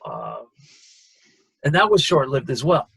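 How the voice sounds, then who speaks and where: A man's voice: medium pitch, huge pitch swings, a little slow, vocal fry, fairly bright tone, slightly rough, rough recording. A man hosting an interview, asking hesitant, conversational questions. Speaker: podcast host.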